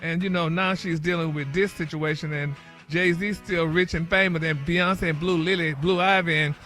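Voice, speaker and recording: A high-pitched man with a bright, forceful voice dishing celebrity gossip on a morning radio show. He talks in a chatty run, tossing "honey" and "y'all" into nearly every phrase. Faint music plays under him. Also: fairly even intonation, normal speed. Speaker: celebrity gossip segment host.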